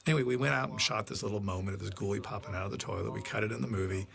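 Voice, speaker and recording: A man's voice: fairly low pitch, very fast, gravelly, crowd noise. A man producing films, telling rambling, profane stories in a casual commentary and stopping to react to scenes on screen. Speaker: film producer giving commentary. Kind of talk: casual anecdotal audio commentary.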